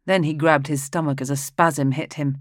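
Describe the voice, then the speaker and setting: Woman, low voice, audiobook narration, steady and even, dry close recording. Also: moderate pace, no room sound. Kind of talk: scripted narration.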